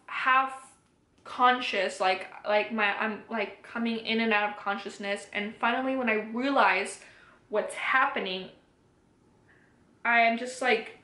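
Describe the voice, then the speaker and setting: A woman's voice: on the high side, steady tone, measured pace, bright, forceful tone. A young woman vlogger telling a personal story to camera, candid and emotional, swearing freely. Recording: roomy echoey room.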